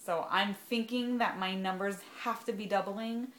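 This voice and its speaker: A woman's voice: mid-range voice, fairly even intonation, moderate pace, a bit bright, echoey room, slight background noise. A young adult woman talking casually in a rambling vlog, full of "like" and "um". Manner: chatty, rambling, lots of "like" and "um". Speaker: vlogger sharing fertility journey.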